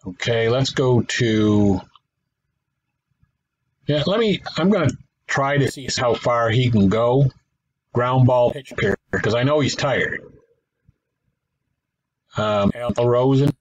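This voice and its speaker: On a rough recording, a gaming channel host with a medium-pitched voice narrates a simulated baseball game. He's animated but slow and pauses often, musing aloud, fixing his own slips, and tossing in dry remarks.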